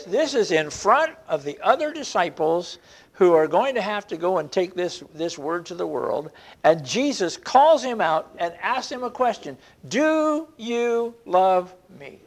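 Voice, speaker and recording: A man preaching an expository sermon, animated, slowing down to stress scripture quotes and often restarting his sentences. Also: sits high.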